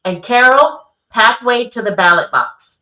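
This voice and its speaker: Chatty actress co-host, bright tone, sits away from the mic in a roomy space. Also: female voice, on the high side, animated, unhurried. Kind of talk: casual chat. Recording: dull, roomy, far from mic.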